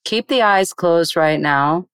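Smooth, dry-voiced woman meditation teacher. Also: lowish voice, a bit bright, dry recording. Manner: slow, soothing guiding voice. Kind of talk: interview, then guided meditation.

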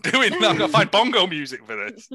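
A man's voice: high voice, very animated, fairly quick, bright, forceful tone, breathy edge. A man co-hosting a podcast in casual chat, making jokey, giggly asides while recapping a show. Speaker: podcast co-host.

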